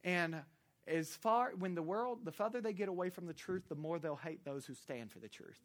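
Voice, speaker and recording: A male minister with a Southern US accent preaching a sermon, swinging from loud, impassioned preaching to quiet storytelling. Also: high voice, fairly quick.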